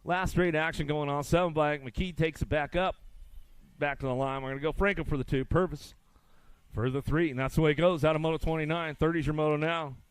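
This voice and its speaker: A man calling a live race, running through riders' names in quick play-by-play and tossing in joking asides. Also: fairly high pitch, steady tone, smooth, dry recording. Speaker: race announcer. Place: outdoor race track.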